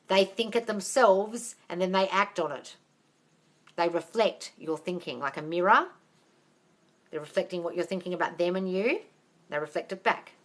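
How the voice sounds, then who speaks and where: Bright-voiced woman hosting a live Q&A. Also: fairly low pitch. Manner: chatty, emphatic, laughs often; addresses viewers as darling. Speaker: manifestation coach. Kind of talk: live-stream Q&A. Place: at home, on a phone live stream. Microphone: phone.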